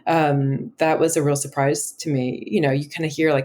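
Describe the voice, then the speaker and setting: A talkative American woman in her thirties, guesting on an interview show. Her voice sits a little low, and she talks in quick, lively bursts, looping back with "like" and "you know" as she goes. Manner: chatty and animated, many filler words and restarts. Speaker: guest, travel journalist. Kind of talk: conversational interview.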